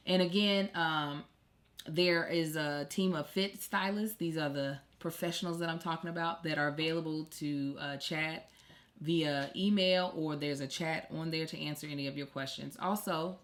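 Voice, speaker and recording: A woman in her thirties hosting a podcast, reading a sponsor message in an upbeat way and adding playful asides. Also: sits low. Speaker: podcast host. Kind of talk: reading an ad, casual chat.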